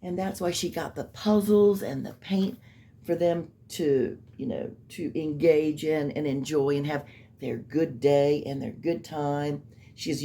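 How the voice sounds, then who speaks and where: A woman's voice: sits low, a little slow, creaky, mellow. A woman giving rambling, skeptical true-crime commentary in a casual way, with mocking asides.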